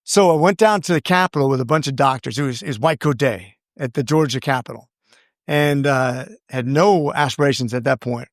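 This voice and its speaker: A man's voice: mid-range voice, a little fast, dry recording, clean studio sound. A man being interviewed as a congressman, telling his story in an earnest, rambling way with many restarts. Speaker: congressman guest.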